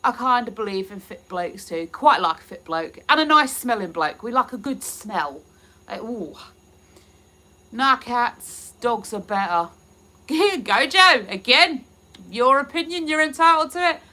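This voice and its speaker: Bright-voiced woman with a Hertfordshire accent. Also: a little high, lively intonation, a little slow. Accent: Hertfordshire English. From Hertfordshire, England. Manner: chatty and giggly, reading out viewer comments. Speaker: livestream host. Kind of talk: casual live-stream chat with viewers.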